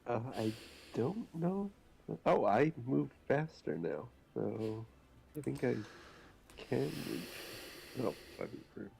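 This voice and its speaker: A man playing in a tabletop game, talking in a slow, hesitant way. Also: mid-range voice, animated, vocal fry, warm tone, a little hiss or hum. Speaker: player. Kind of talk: casual chat.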